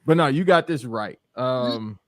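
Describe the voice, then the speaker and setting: A man's voice: mid-range voice, animated, unhurried, fairly bright tone, no echo. A man co-hosting a podcast, making joking, exaggerated complaints and swearing casually. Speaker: podcast co-host.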